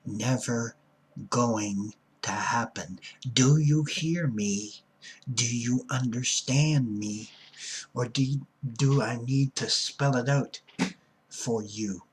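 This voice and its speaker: A man's voice: medium pitch, slow pace, poor audio. A man in his fifties talking in a casual vlog, playful and theatrical, dropping into whispers and spelling words out. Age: 50s. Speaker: addiction counselor vlogger. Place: rooming house room at night.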